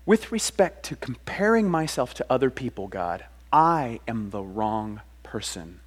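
A man's voice: medium pitch, very animated, a little slow, slightly rough. A man preaching a sermon as pastor, speaking earnestly and conversationally, often restarting his phrases. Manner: conversational, earnest, with many restarts and acted quotes.

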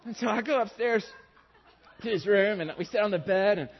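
High-voiced pastor in a big echoing hall. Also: male voice, brisk, slight background noise. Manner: self-mocking, storytelling. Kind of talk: sermon with personal story. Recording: dull sound with long hall reverb.

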